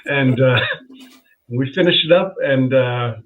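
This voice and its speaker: Man, comedian, animated storytelling, laughs, tinny phone-like sound. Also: mid-range voice, slow. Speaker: comedian guest. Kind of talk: casual storytelling on a live chat show.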